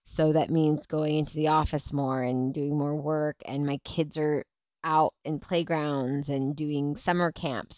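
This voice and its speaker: A woman's voice: deep voice, darkish tone, dry recording. A woman in her thirties hosting a casual talk show livestream, chatty and rambling, tired and burnt out. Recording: dull lo-fi stream audio.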